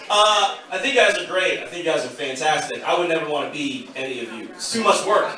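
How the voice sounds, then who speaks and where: A man's voice: on the high side, animated, fast talker, few pauses, sharp tone. A man in his thirties doing a stand-up comedy set in a packed club, with wry, self-deprecating delivery. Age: 30s. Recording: echoey club from far off with crowd.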